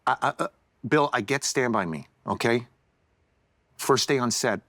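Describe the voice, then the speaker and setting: A middle-aged man, a podcast guest telling a story in a lively way, stumbling and repeating words as he goes. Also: medium pitch, normal speed, no room sound. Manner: animated storyteller who acts out quotes, repeats words. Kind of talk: casual storytelling in a podcast chat. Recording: dry close-miked studio sound.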